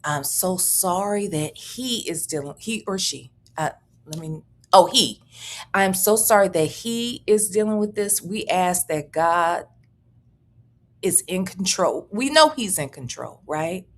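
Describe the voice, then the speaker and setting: A woman's voice: lowish voice, expressive, takes it slowly. A woman hosting a casual livestream, chatty and profane, reading out viewer messages and thanking them. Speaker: livestream host.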